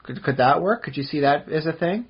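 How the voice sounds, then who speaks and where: A man's voice: on the high side, lively intonation, a little fast, husky. A man co-hosting a podcast, chatting casually and rambling with many fillers and restarts. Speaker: podcast co-host. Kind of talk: casual chat. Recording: dull lo-fi podcast audio.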